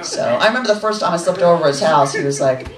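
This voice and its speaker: A woman's voice: low voice, lively intonation, fast. A woman in her forties doing a brash, profane, self-mocking stand-up set on a comedy club stage. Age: 40s. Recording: echoey club mic from a distance, audience laughter. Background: crowd laughing.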